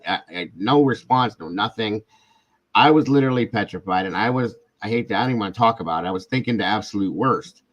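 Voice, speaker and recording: A man's voice: on the low side, fast talker. A man hosting a live stream, talking earnestly and emotionally in a casual chat. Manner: earnest and emotional, storytelling with quoted voices. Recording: dull lo-fi stream audio.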